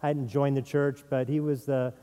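A man's voice: medium pitch, flat delivery, moderate pace, mellow, big-room sound. A middle-aged man preaching a sermon as pastor, earnest, sometimes repeating words as he stresses a point.

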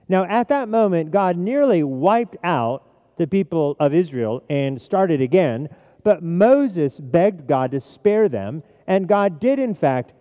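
A man's voice: high-pitched, mellow, big-room sound. A man preaching an expository sermon as pastor, emphatic and repeating his key phrases.

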